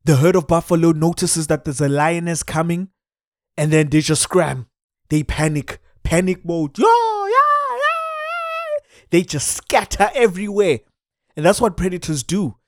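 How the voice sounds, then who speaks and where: A man with a South African accent telling a comic story in an animated way, dropping in Xhosa exclamations. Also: on the high side, moderate pace, no echo, studio quality.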